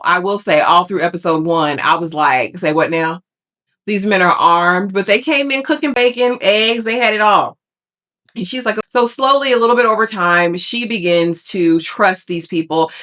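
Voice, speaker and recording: A woman's voice: on the low side, a bit bright. A woman giving a casual, sassy TV recap, calling listeners honey and baby. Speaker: TV recap vlogger.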